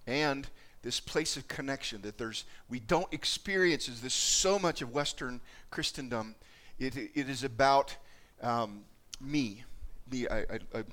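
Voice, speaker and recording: A man preaching a sermon as pastor, talking earnestly and haltingly, often restarting and repeating words as he goes. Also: medium pitch, fairly bright tone. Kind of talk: sermon with spoken prayer.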